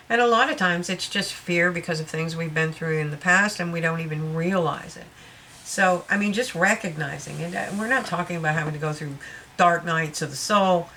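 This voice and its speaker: A woman's voice: fairly low pitch, a bit bright, a little hiss or hum. A woman giving a casual, rambling tarot reading, often checking in with her listener and laughing. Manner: rambling, chatty, with frequent check-ins and laughs. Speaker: tarot reader.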